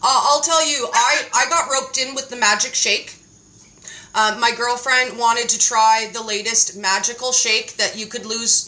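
A woman hosting a casual chat, telling stories in an animated, playful way and acting out quotes. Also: a little high, poor audio. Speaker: host.

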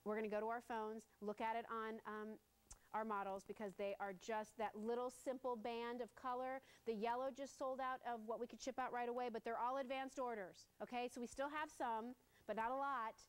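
A woman hosting a live home shopping show, gushing excitedly over jewelry in a quick sales patter with playful asides. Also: on the high side, clean tone.

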